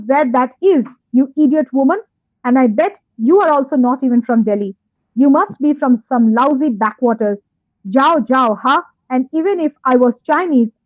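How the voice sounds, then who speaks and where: A woman's voice: high voice, no room sound. A woman reading out an indignant young woman. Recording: tinny phone-like line.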